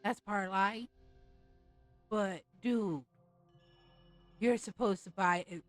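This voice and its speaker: A woman's voice: medium pitch, slow pace, no echo, faint music behind, low-quality recording. A woman streamer ranting in a casual, blunt and profane way over a live game stream.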